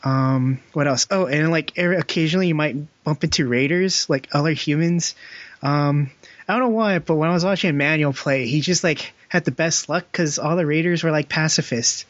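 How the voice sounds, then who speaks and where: A man's voice: on the high side, normal speed, a bit bright, dry recording. Young male podcast co-host with a slightly raised voice, loose and rambling, full of ums, likes and laughs, on a dull, dry recording. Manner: rambling, filler-heavy, laughs often. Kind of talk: casual gaming podcast chat.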